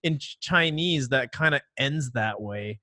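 A man's voice: mid-range voice, lively intonation, unhurried, pushed and bright, no echo. Native Mandarin-speaking man, dry close sound. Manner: loose and hesitant, full of "like" fillers. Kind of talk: casual podcast chat.

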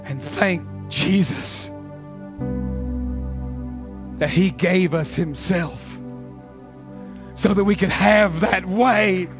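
High-voiced preaching man, loud to hushed. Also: drawn-out words, pauses often. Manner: preaching with big swings from shouting to hushed whispers. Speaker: pastor. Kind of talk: sermon. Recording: music playing behind.

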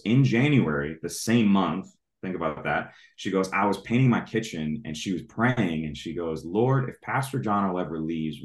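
A man in his thirties, a traveling evangelist, telling his faith story in an animated way and acting out his own reactions. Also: low-pitched, roomy sound. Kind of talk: testimony storytelling.

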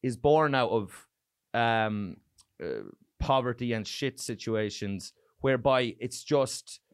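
An Irish man, a comedian, chats in an animated, profane way, spinning stories. His voice sits in a middle register. The recording is dry and close. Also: medium pitch, slow pace, smooth, no room sound. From Ireland. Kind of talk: casual podcast chat.

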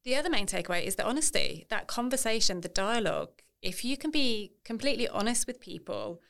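A woman's voice: a little high, lively intonation, fairly quick, gravelly. A woman hosting a podcast interview, reflecting on her guest's points and affirming often. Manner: warm affirming, lots of short agreement. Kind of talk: casual interview chat.

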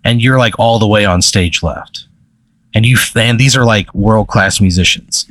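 A man's voice: fairly low pitch, normal speed, a bit bright, dry recording. A man telling a long, rambling comedic story in casual chat, full of "like" and "right?".

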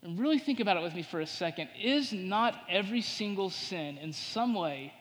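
A man preaching a sermon to his congregation. He builds to emphatic points and drops to hushed tones when voicing temptations. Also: high-pitched, expressive, normal speed, big-room sound. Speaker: pastor.

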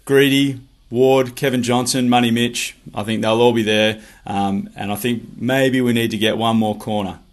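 A man's voice: medium pitch, fairly even intonation, normal speed. A man with an Australian accent, president of a fan club, sending an enthusiastic recorded message. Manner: enthusiastic, colloquial.

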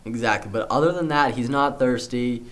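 A man's voice: mid-range voice, normal speed, fairly bright tone. Young man rambling through a story. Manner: rambling with fillers and restarts. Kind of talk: casual improvised storytelling.

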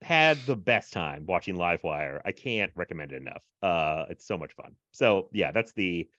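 A man's voice: low-pitched, expressive, normal speed, pushed and bright, no echo, highs cut off. A man co-hosting a podcast in casual chat, rambling with lots of fillers and frequent laughs. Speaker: podcast co-host.

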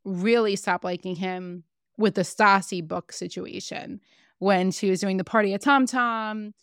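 Animated woman swearing casually, dry sound. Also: medium pitch, measured pace, smooth, no room sound. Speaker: podcast co-host. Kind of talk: casual reality-TV recap chat.

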